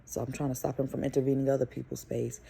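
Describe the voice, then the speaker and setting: Gravelly young mother telling a story. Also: very deep voice, quick pace. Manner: animated, profane, emphatic retelling. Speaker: vlogger and mother. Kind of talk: casual storytelling to camera.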